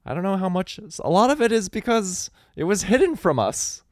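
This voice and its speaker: A man's voice: sits high, big pitch swings, a little fast, dry recording, studio quality. A man co-hosting a podcast in casual chat, laid-back and joking, swearing now and then. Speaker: podcast co-host.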